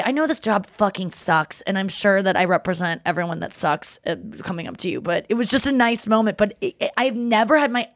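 A woman's voice: medium pitch, brisk, hardly any pauses, no room sound, studio quality. A woman co-hosting a podcast, telling stories in a casual chat and acting out the quotes. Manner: animated storytelling, acts out quotes. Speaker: podcast co-host.

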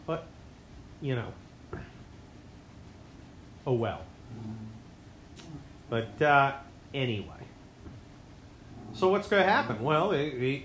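A man hosting his own show, delivering a rambling, sarcastic political monologue that swings between loud outbursts and low mutters. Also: echoey room, a little hiss or hum. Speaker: podcast host.

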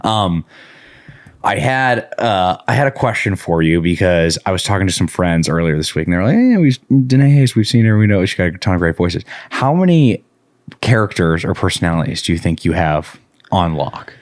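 Deep-voiced man hosting an interview. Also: moderate pace, dry recording, studio quality. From northeastern United States. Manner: relaxed, rambling questions with fillers. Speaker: podcast host. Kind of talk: casual interview chat.

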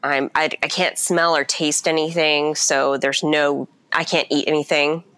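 A woman's voice: sits low, level tone, measured pace, a bit bright, clean tone. Fed-up sick woman venting angrily. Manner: profane, angry venting. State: sick and exhausted. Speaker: teacher. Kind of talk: casual podcast chat.

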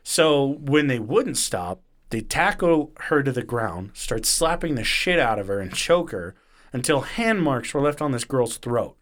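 A man hosts a podcast in a casual, animated way. He swears often and throws himself into quotes with shifting voices. His pitch sits at an ordinary middle for a man. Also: unhurried. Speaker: podcast host. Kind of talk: casual storytelling chat.

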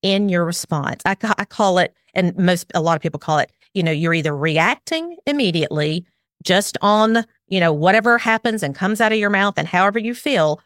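Middle-aged woman, parenting expert guest, low-pitched voice, animated, dry close sound. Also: fairly quick, no echo. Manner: animated, acting out parent and child quotes. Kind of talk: podcast interview.

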